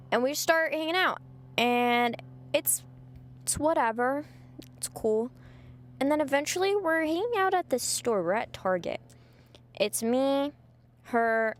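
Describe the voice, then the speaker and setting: A young woman telling a casual, gossipy story for her vlog, chatty and full of "like". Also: fairly high pitch. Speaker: vlogger.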